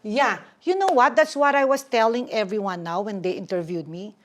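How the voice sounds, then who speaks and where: An older woman, telling stories in an animated, chatty way as an interview guest. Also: a little high, fairly quick. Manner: chatty, animated storytelling with mixed English and Tagalog. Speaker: guest, vlogger. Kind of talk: casual interview chat.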